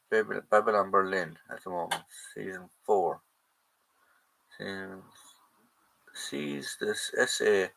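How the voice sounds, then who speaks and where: A man's voice: fairly low pitch, vocal fry, sharp tone, rough recording. An Irish man hosting a casual livestream Q&A, chatting loosely, reading viewer comments aloud and answering them, and correcting himself as he goes. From Ireland. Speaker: host of a live chat stream.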